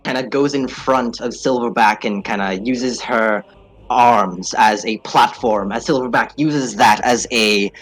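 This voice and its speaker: A man narrating as game master in a casual way, with fillers, drawn-out phrasing. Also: mid-range voice, fairly bright tone, poor audio.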